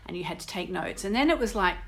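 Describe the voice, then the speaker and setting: A woman's voice: medium pitch, fast. Chatty Australian woman hosting a radio show. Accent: Australian English. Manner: chatty, storytelling, laughs often, animated. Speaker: astrologer and radio show host. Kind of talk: casual radio show chat.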